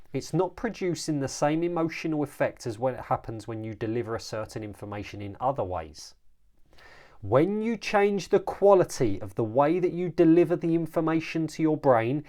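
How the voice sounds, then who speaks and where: A man coaching his listeners directly in a solo podcast, energetic and full of quick restarts. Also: fairly high pitch. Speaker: life coach and podcast host.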